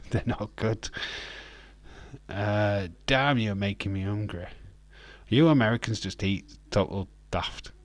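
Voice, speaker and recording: Slow-talking British man bantering. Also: lowish voice, dry recording. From United Kingdom. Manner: joking, ranting banter with laughs. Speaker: livestream host. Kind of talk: casual chat answering live chat.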